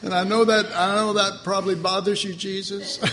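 A man preaching a conversational sermon in a folksy way, laughing often and acting out the voices he quotes. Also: high voice.

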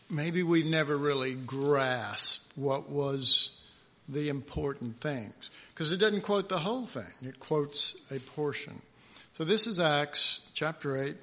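A man preaching a conversational sermon, pausing often with fillers and restarts as he reads scripture aloud and stresses words. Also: a little high, sharp tone. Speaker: pastor.

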